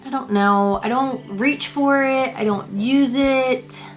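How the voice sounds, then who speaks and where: A woman's voice: high voice, slow, faint music behind. Chatty woman rambling through a declutter. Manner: chatty, rambling, self-deprecating, swears casually. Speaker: beauty vlogger. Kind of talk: casual makeup declutter chat.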